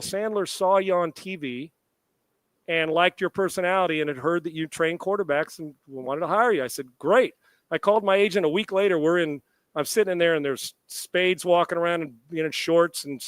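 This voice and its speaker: A middle-aged man co-hosting a sports talk show, telling a long, animated story with quoted dialogue and salty language. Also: sits high, no room sound.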